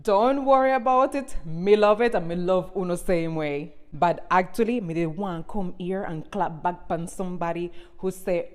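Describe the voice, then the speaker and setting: A woman in her forties from Cuba talks straight to camera in Jamaican patois, her Cuban R rolling through it. She is animated and expressive, jumping from loud, punchy lines to soft asides. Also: on the low side, normal speed, few pauses. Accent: Jamaican patois with a Cuban rolled R. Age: 40s. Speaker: social media creator. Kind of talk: direct-to-camera monologue.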